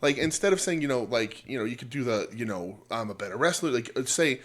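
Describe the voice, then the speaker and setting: A man's voice: medium pitch, animated, brisk. A man co-hosting a wrestling podcast, chatting casually and rambling with lots of fillers and restarts. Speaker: podcast co-host.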